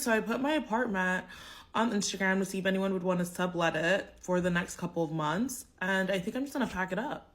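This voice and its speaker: A woman's voice: medium pitch, fairly quick. A woman talking casually to camera in an upbeat, sassy way.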